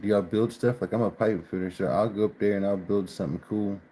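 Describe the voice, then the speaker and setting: A man's voice: on the low side, fairly even intonation, fast, dark tone, slight background noise. A man chatting casually on a livestream, laughing often and cursing mildly. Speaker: livestream host. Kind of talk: casual live chat.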